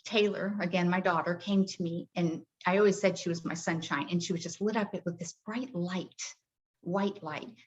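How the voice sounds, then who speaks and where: A middle-aged woman, a grief coach, talking in a soft, heartfelt way with many hesitations in a podcast interview. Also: on the low side, steady tone, moderate pace. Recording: dull lo-fi audio.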